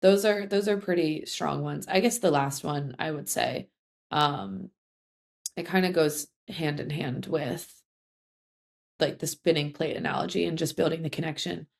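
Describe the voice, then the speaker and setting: A woman's voice: sits low, unhurried, vocal fry. A young woman, a head coach, telling stories in a casual interview, chatty with many fillers and restarts. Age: young adult. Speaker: head field hockey coach.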